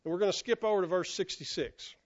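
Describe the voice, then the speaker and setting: A male pastor preaching a sermon in an animated, folksy way, acting out the voices he quotes and getting over an illness that makes him cough. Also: high-pitched, fast talker, dull audio.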